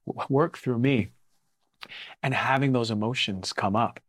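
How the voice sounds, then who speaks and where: A man of middle pitch hosts a podcast conversation, affirming his guest warmly with a stream of "yeah"s and often repeating himself. He tells stories by acting out the quotes. The sound is dry and close to the mic. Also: measured pace, dry recording. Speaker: podcast host, doctor.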